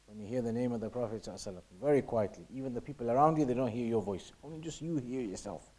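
Racing along at medium pitch, the Islamic law teacher's voice sounds mellow and slightly rough. He reads passages, explains them in English, repeats himself often, and occasionally hushes to a near-whisper to illustrate how words are said.

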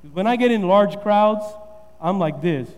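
A man pastor delivers a sermon in a high, ringing voice. He drives points home by repeating phrases and building emphasis. The sound carries the long reverb of a church hall. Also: animated, moderate pace, clean tone. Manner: preaching with rising emphasis and repetition.

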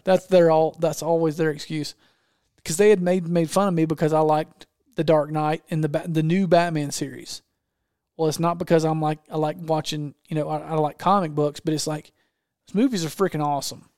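A man's voice: a little high, fairly even intonation, fairly quick, a little mellow, smooth, no echo, studio quality. A man hosting a casual chat, talking with enthusiasm and often restarting his sentences. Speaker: podcast host.

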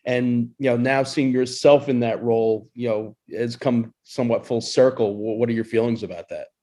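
Mellow-voiced male interviewer. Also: mid-range voice, steady tone, normal speed. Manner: conversational, hesitant starts. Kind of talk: interview questions.

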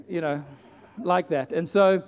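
A man from South Africa preaching a sermon in a church, telling a personal story and acting out his own prayers with animated delivery. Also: high-pitched, measured pace, slight background noise. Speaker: pastor. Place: church hall. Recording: long hall reverb, faint music.

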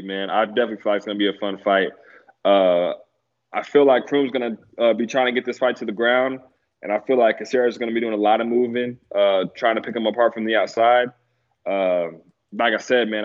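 Laid-back man on lo-fi audio. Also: fairly low pitch. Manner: laid-back, many fillers, laughs easily. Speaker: guest analyst. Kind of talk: casual podcast chat about fights.

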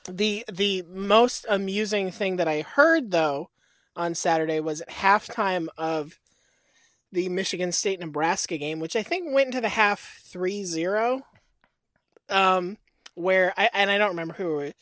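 A woman's voice: mid-range voice, a little slow, fairly bright tone, no room sound. A woman co-hosting a sports podcast with a wry, sarcastic manner in casual banter. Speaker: podcast co-host.

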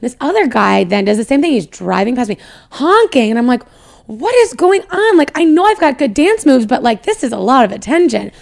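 Young woman with a gravelly voice. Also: on the high side, brisk. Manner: animated, playful storyteller. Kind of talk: casual chat.

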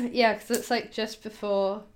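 Woman, podcast co-host, relaxed casual chat, hesitant. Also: medium pitch, measured pace. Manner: laid-back, hesitant, uses "like" often. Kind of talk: casual film review chat.

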